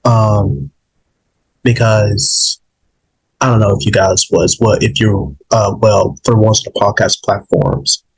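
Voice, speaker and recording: A man hosting his own podcast, rambling and halting with many fillers and restarts, emotional and holding back tears. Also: fairly low pitch, level tone, husky, low-quality recording. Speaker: podcast host. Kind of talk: emotional solo podcast monologue.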